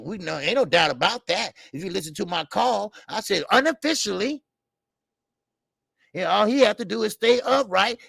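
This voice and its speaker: Older male boxing host, gravelly, high-pitched, blunt and profane, rambling, dry close sound. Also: fairly bright tone, no room sound. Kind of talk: casual live-stream commentary.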